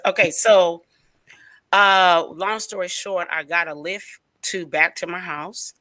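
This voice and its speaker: A woman on a radio talk show, telling a long story in casual chat, rambling and animated with plenty of fillers. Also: on the low side, measured pace, no room sound.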